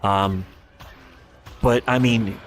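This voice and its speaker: A man's voice: fairly low pitch, steady tone, very slow, faint music behind. A man giving rambling, profane livestream commentary, retelling scenes with quoted voices. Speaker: streamer.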